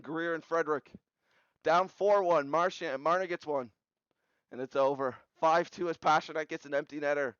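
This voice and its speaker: A young man recapping simulated hockey games in quick bursts of scores, getting excited at big goals. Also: on the high side, clear, resonant tone, no echo. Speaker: video game simulation commentator. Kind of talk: play-by-play recap commentary. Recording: slightly dull lo-fi audio.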